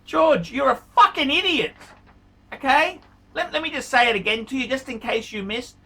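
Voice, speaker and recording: A man's voice: very high-pitched, normal speed, bright, forceful tone, breathy edge, recorded from a distance. A man, a watch vlogger, ranting angrily into the camera with heavy swearing and repeated insults. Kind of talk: angry profane rant to camera.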